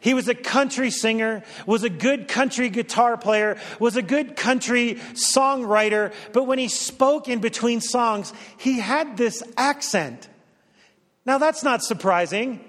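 High-voiced male pastor preaching. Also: a little slow, a bit bright, long reverb tail. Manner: storytelling, conversational, with dry humor. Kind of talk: sermon.

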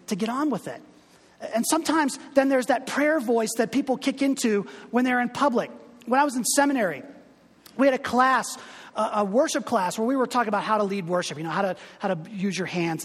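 A man's voice: sits high, slightly rough, big-room sound. A male pastor giving a conversational, humorous sermon full of asides.

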